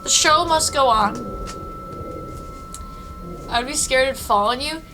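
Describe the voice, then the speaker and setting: Speaking slowly in a high voice, this woman plays a video game on a live stream from her apartment room, casually chatting, laughing often, and cursing as she works things out aloud. Music plays behind her, and the audio quality is poor.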